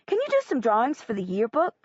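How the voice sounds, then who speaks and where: An eager, encouraging young schoolgirl, voiced by a woman narrator with a lifted, friendly tone. She speaks in quick, open bursts. The recording is dry and slightly muffled. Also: a little high, huge pitch swings, breathy edge, dry recording, full character voice.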